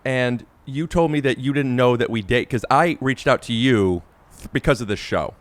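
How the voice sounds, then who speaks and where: A man hosting a casual podcast interview, halting and searching for words with many restarts. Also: mid-range voice. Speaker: podcast host.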